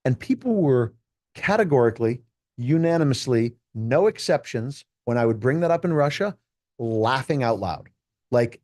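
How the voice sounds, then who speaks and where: Man, middle-aged, mellow warm tone, dry close sound, lively storytelling. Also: mid-range voice, normal speed, no echo. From United States. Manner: enthusiastic, animated storytelling with acted quotes. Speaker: keynote speaker and juggler. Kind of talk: casual interview conversation.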